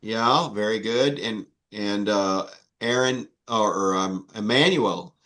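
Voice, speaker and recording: Male instructor, unhurried and halting, drilling students on letters. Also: fairly low pitch, a bit bright. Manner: slow, patient, with many fillers and restarts. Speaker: Greek instructor. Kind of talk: online class teaching.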